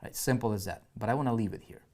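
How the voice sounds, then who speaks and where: A man's voice: fairly low pitch, racing, darkish tone. A man teaching an online marketing lesson as a screen-share walkthrough, thinking aloud, often checking in with listeners and restarting his words. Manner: frequent restarts and repeated words.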